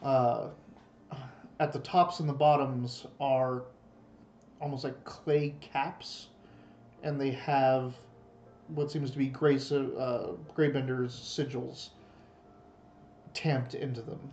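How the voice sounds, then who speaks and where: A man's voice: medium pitch, flat delivery, slow, pauses often, darkish tone, echoey room, a little hiss or hum. A man narrating a tabletop game as game master, describing the scene with frequent hesitations. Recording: muffled lo-fi recording.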